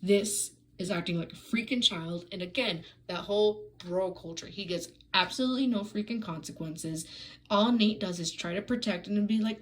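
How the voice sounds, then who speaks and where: Woman reviewer, mid-pitch, ranting with exasperated sarcasm, casual and full of fillers. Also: lively intonation, moderate pace, a little hiss or hum, low-quality recording. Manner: frequent "like" fillers and restarts. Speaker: book reviewer.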